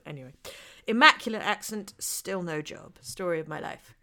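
A British woman talks as a podcast guest, her voice pitched on the low side yet bright and forward. She tells candid stories with a wry, self-mocking edge in easy conversation. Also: animated, moderate pace. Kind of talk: conversational interview.

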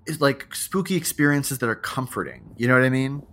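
A man's voice: mid-range voice, lively intonation, a little fast, few pauses, a bit bright. A man co-hosting a podcast, reading a listener's spooky story aloud and chatting, laughing often. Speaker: podcast co-host.

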